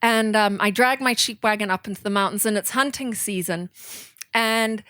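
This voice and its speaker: Woman author at a bookstore Q&A, mid-pitched, lively and self-mocking, dry close sound. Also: moderate pace, no room sound. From southern Africa. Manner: animated, self-deprecating, laughs often. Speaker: author speaking at a bookstore event. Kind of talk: storytelling in an audience Q&A.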